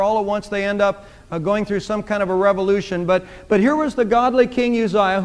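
A man's voice: sits high, clear, resonant tone. A man preaching a sermon, speaking emphatically and repeating phrases for emphasis. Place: church sanctuary. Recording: long church reverb.

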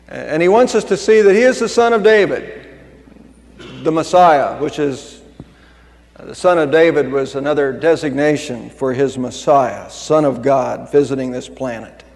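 Earnest pastor preaching in a reverberant church. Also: male voice, a little high. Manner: earnest, conversational preaching with restarts. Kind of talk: sermon. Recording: long hall reverb.

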